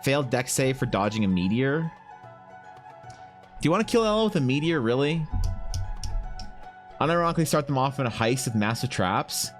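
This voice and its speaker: Male streamer, mid-pitched, rambling casual chat over faint music. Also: big pitch swings, moderate pace, pauses often. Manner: rambling, thinking aloud, answering chat.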